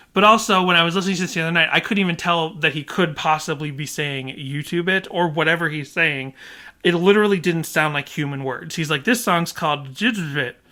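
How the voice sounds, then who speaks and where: A man co-hosting a casual podcast, animated and puzzled, often laughing as he talks. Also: high voice. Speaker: podcast co-host.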